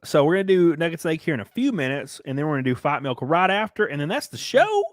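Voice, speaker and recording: A young man hosting a podcast, chatting casually, animated and quick, swearing and laughing as he tells stories. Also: fairly high pitch, no room sound, studio quality. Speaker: podcast host. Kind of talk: casual chat.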